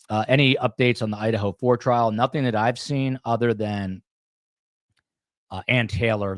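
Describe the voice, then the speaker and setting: A man's voice: sits low, no echo, clean studio sound. A man hosting a podcast livestream, rambling casually and reading out chat comments as he signs off. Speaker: podcast host.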